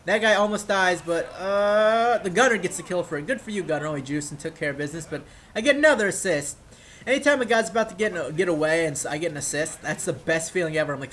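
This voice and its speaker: A man giving casual, rambling commentary over his own gameplay footage, drifting into excitable tangents and swearing freely. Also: high-pitched, fast.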